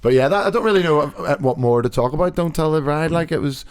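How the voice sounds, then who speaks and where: A man's voice: a little high, expressive, fast, clear, resonant tone, no room sound, clean studio sound. A man in his thirties hosting a podcast in casual chat, rambling and teasing, laughing often. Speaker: podcast host.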